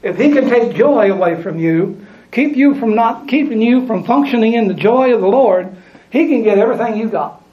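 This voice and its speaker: A man's voice: sits high, expressive, moderate pace. A man preaching a sermon, reading scripture aloud and repeating lines for emphasis. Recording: echoey room, dull lo-fi sound.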